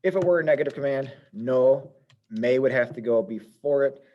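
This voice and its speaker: Patient male teacher, methodical step-by-step explainer, middle-pitched voice. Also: moderate pace, lo-fi sound. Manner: patient, methodical, thinks aloud with fillers. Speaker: Spanish teacher.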